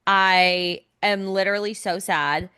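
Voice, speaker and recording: A woman's voice: mid-range voice, fairly even intonation, slow, bright, forceful tone, smooth. A young woman co-hosting a casual podcast, talking in an emotional, dramatic way and swearing freely. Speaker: podcast co-host. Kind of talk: casual chat.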